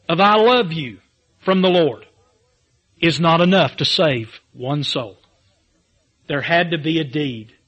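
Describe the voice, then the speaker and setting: A man's voice: fairly high pitch, a bit bright, muffled recording. Man preaching with emphatic swells. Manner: reads scripture in King James wording. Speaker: pastor. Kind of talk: sermon.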